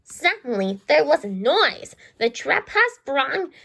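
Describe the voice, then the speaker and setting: A woman reads a children's storybook aloud in a high, lively voice. She trips and restarts often, repeating words as she goes, with a gravelly catch in her tone. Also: takes it slowly. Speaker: storybook reader. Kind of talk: reading a children's book aloud.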